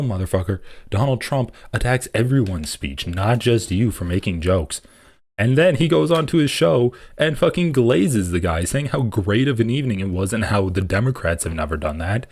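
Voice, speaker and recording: A man hosting a live political stream, reading an article aloud and breaking off into profane, animated reactions. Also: lowish voice, normal speed, husky.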